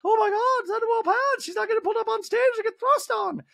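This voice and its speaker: A man putting on the voice of a starry-eyed, gushing rich woman in a very high falsetto. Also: brisk, gravelly, fairly bright tone, no echo, studio quality, full character voice. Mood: fussing. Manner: breathless, wide-eyed gushing.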